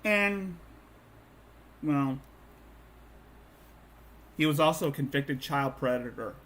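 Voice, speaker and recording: Sarcastic guy ranting on stream, slow and drawn out, slight noise behind. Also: on the high side, lively intonation, a bit bright. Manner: sarcastic, mocking, stumbling restarts. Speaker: streamer host.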